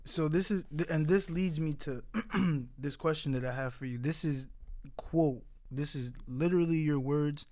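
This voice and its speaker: Guy hosting a podcast, kinda high voice, hyping up his guest and asking stuff. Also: normal speed, a little mellow. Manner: admiring, probing questions, clears throat. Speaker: podcast host. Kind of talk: casual interview.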